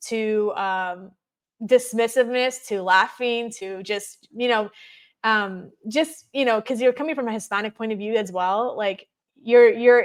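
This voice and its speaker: A woman in her thirties, a podcast guest, telling her story in an animated way and acting out her children's words. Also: fairly high pitch. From United States. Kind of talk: personal testimony in a podcast interview.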